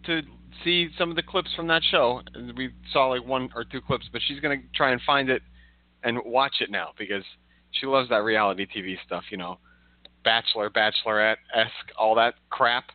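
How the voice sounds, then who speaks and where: A man's voice: mid-range voice, normal speed, no room sound. A man co-hosting a casual podcast chat, making wry, jokey asides. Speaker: podcast co-host. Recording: dry, tinny phone-like line.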